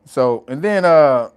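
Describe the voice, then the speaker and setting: A man's voice: a little high, clear, resonant tone. A man hosting his own channel, giving casual, profane commentary and laughing often as he tells stories. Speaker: channel host.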